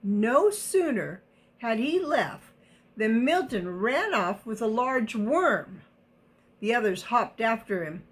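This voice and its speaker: A woman reading a picture book aloud to children, gently stopping to explain words and ask questions. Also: a little high, big pitch swings, slow. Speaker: storybook reader.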